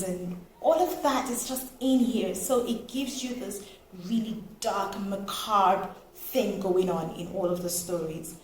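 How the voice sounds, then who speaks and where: A woman from Nigeria talks through a book review in a lively, expressive way, laughing now and then. Her voice sits at an ordinary middle pitch. The room around her sounds echoey, with a faint hiss underneath. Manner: animated, expressive, laughs often. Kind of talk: casual book review vlog.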